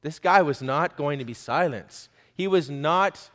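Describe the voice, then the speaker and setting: A man's voice: a little high, unhurried, a bit bright. A male preacher giving an emphatic sermon, pressing his listeners with pointed questions. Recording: long hall reverb.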